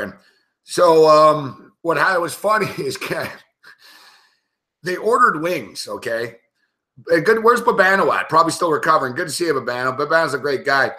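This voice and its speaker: A man talks through live betting commentary in a loose, rambling way, swearing freely and breaking into laughs as he tells a story. His voice sits a little high and comes across bright and forceful. He jumps between the story and quick calls on the game. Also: lively intonation. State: tipsy, recounting a night of drinking. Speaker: sports betting show host.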